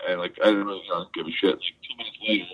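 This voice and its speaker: A man's voice: sits low, steady tone, very fast, lo-fi sound. A man, a wrestler being interviewed, telling a rambling, profane story in casual chat full of fillers. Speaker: professional wrestler guest.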